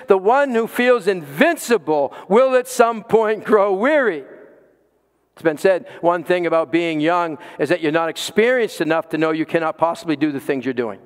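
Male pastor with a high voice, emphatic pulpit delivery, long church reverb. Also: smooth. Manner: emphatic preaching with dramatic pauses and repetitions. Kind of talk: sermon.

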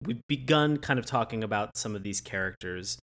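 A man's voice: lowish voice, lively intonation, brisk, a bit bright. A man co-hosting a podcast in casual chat, playful and jokey. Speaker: podcast co-host.

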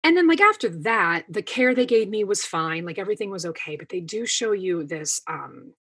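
A woman's voice: mid-range voice, expressive, normal speed, a bit bright, slightly rough. A woman in her thirties, a podcast guest, telling a long story in casual chat with plenty of fillers. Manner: chatty storytelling with many fillers.

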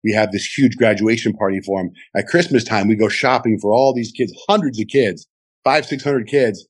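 This middle-aged man, a radio host, speaks at a moderate pace in a slightly rough voice while recounting a lengthy story in an interview. Lively throughout, he performs each quote with dramatic pitch leaps.

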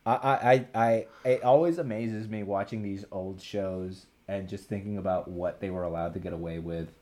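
A man's voice: low-pitched, steady tone, moderate pace, warm tone. A young man hosting a casual podcast, rambling and joking with many ums and restarts. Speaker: podcast host. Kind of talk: casual chat.

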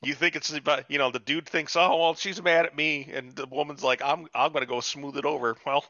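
A man's voice: fairly high pitch, steady tone, brisk, pushed and bright, dry recording, highs cut off. A man co-hosting a podcast in casual chat, rambling and swearing freely with many restarts. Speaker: podcast co-host.

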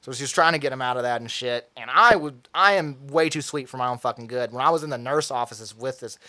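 A man's voice: mid-range voice, fast, bright, forceful tone. A young man from Tennessee, telling a story in casual chat, profane and acting out quotes with laughs.

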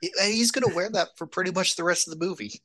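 A man's voice: high-pitched, sharp tone, no echo. A man co-hosting a podcast, chatting casually with wry jokes and frequent laughter. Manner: wry jokes and quick agreement, laughs often. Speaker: podcast co-host. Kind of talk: casual chat.

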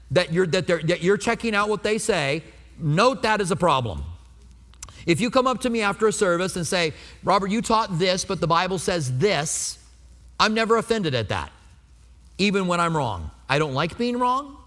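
A man's voice: high voice, a bit bright, long reverb tail. A pastor in his fifties preaching a sermon in a conversational way, asking the congregation rhetorical questions.

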